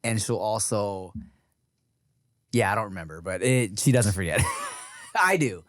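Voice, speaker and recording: A man's voice: fairly low pitch, animated, unhurried, a bit bright, no room sound, clean studio sound. A man hosting a podcast, chatting casually in slang and rambling through stories. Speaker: podcast host. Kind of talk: casual chat.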